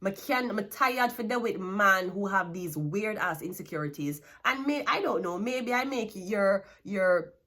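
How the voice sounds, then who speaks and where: A woman's voice: medium pitch, expressive, a little slow, few pauses, pushed and bright. A Jamaican woman giving a tarot reading, blunt and scolding, with plenty of swearing. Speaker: tarot card reader.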